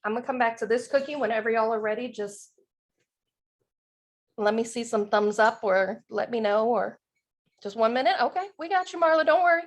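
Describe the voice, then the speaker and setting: A woman leads a live cookie decorating class over a video call, talking in an upbeat, encouraging way and laughing often. Her voice sits high. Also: brisk. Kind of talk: live online class teaching.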